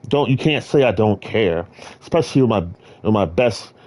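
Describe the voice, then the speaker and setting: A man streaming, talking in a rambling rant that swings between loud outbursts and low muttering. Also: expressive, normal speed.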